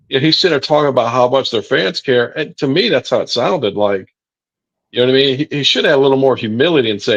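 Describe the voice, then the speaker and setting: A man's voice: mid-range voice, animated, fast, gravelly, fairly bright tone, slightly rough. Lo-fi sounding man, indignant podcast co-host. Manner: indignant, profane, repetitive. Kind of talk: live sports podcast chat.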